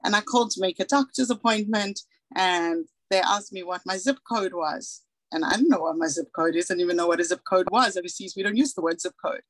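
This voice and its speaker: Talking fairly quickly in a low-leaning voice, a woman in her forties from South Africa gives an earnest, frank personal talk as a guest speaker, performing the conversations she recalls. The audio is low quality, with no echo.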